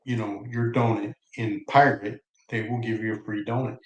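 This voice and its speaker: A man's voice: on the low side, level tone, moderate pace. A man chatting playfully on a casual stream, telling stories in a drawling way. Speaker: co-host. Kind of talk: casual chat. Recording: echoey room with faint noise.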